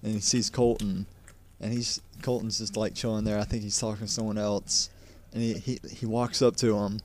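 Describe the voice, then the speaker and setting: A man's voice: medium pitch, a little mellow, a little hiss or hum. A young man co-hosting a casual podcast, telling a school story in a rambling way, repeating words and laughing often. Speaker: podcast co-host. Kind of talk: casual chat.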